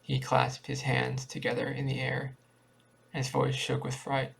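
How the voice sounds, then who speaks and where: A man reading a short story aloud in a plain, steady way with small restarts. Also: medium pitch, unhurried. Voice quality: creaky. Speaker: reader.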